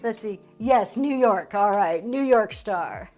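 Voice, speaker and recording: A woman's voice: mid-range voice, animated, slow, a little mellow, soft background music. A middle-aged woman from Pennsylvania, hosting a live reselling auction in an upbeat, chatty way and thanking her viewers as she goes. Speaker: live-stream reseller host. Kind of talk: live auction selling chat.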